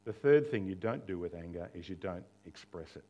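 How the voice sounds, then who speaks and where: This pastor's voice sits low and sounds mellow, yet he speaks briskly and with animation. His sermon is conversational, mixing rhetorical questions and bits of humor with dialogue he quotes and performs.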